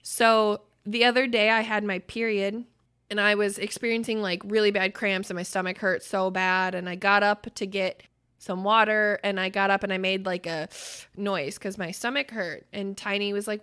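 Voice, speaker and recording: Bright-voiced woman podcast host. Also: medium pitch, moderate pace, clear, resonant tone. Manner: animated storytelling, breaks into loud laughter. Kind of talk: casual podcast chat.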